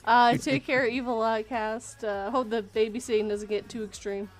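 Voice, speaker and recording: A woman's voice: fairly high pitch, fairly even intonation, moderate pace, faint music behind. A woman guest on a casual livestream chat, blunt and playful, who laughs often.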